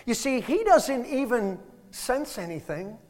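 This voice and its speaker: A man's voice: extremely high pitch, sing-song, unhurried, a little mellow. A man preaching a sermon, emphatic, with rhetorical questions and frequent restarts, in a church sanctuary. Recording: long hall reverb.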